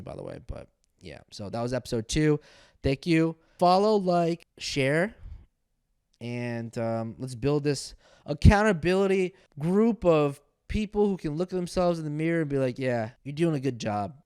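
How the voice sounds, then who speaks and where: A man's voice: a little high, animated, moderate pace, darkish tone, clear, resonant tone, dry recording, studio quality. A man hosting a casual solo podcast, rambling through his thoughts, swearing often and restarting his sentences. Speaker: podcast host.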